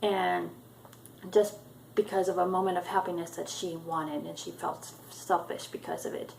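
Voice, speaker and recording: A woman's voice: fairly low pitch, steady tone, moderate pace, gravelly, darkish tone, a little hiss or hum, rough recording. A woman casually retelling a book chapter for her viewers, hesitant and full of ums and uhs. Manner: hesitant, many ums and uhs, loosely strung sentences. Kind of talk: casual spoken book recap.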